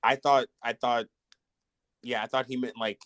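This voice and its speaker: A woman's voice: rumbling low, fairly even intonation, normal speed, crowd noise. A woman joining a casual live chat, talking in a playful, teasing way.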